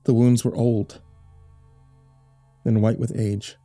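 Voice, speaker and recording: A man narrating a horror story in a measured, dramatic storytelling voice. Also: mid-range voice, level tone, dark tone, faint music behind.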